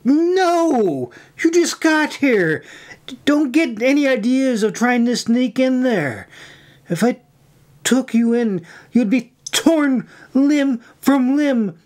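Guy doing a cold bossy dragon-keeper lady, snappy and high, storybook reading. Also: animated, moderate pace, darkish tone. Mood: snapping. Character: stern, sharp-tongued woman dragon keeper.

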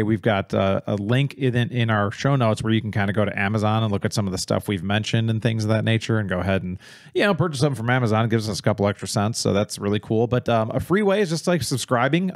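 A man in his forties talks fast and loose, his voice roughened to a rasp after a night of karaoke. He rambles and teases his co-host on a podcast. The sound is dry and close to the mic. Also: on the low side, dry recording. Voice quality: raspy. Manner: joking, rambling, teasing. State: raspy voice from karaoke. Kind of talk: casual chat.

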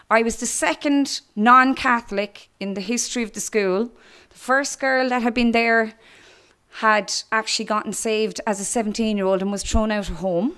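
A woman's voice: on the high side, fairly bright tone. A woman with an Irish accent giving her church testimony, telling her story with laughter and acting out the voices of others.

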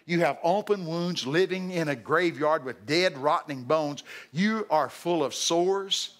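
A man preaching a sermon at a church service, animated and jokey, breaking into shouted acted-out lines. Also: a little high, a little slow. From Texas.

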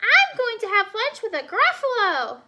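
Woman doing a squeaky clever storybook mouse. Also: huge pitch swings, moderate pace, noisy background, exaggerated voice. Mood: boastful. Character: small quick-witted clever mouse.

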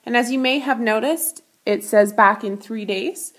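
A woman's voice: on the high side, unhurried. A woman teacher reading a children's picture book aloud and explaining math concepts with patient clarity.

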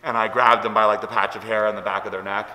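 A man's voice: lowish voice, flat delivery, quick pace, pushed and bright. A man hosting a vlog, telling a story casually and rambling with many fillers. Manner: rambling, lots of likes and ums. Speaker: vlog host. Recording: echoey room with long reverb.

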